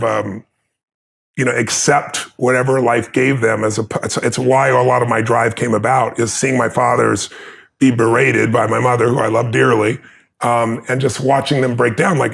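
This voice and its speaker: A man's voice: medium pitch, creaky, a bit bright. A man telling his life story in an earnest, emphatic motivational way.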